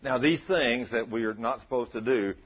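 A man preaching a sermon, calling out to his congregation and acting out prayers in an animated way. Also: mid-range voice, normal speed, husky, dull audio.

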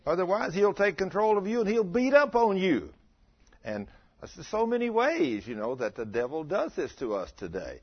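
A man in his fifties preaching a storytelling sermon, animated and acting out the dialogue. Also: sits high, normal speed, husky. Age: 50s. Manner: animated, acts out dialogue, laughs with listeners. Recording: dull lo-fi recording.

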